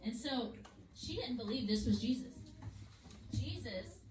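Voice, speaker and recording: Woman teacher telling a lively Bible story. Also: a little high, unhurried. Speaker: children's church teacher. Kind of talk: Bible story lesson for children. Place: church classroom. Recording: echoey room, far mic, noisy.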